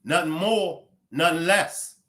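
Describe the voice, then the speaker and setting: A man's voice: a little high, slow, bright, forceful tone. A man hosting a commentary livestream, blunt and profane, scolding in heated outbursts.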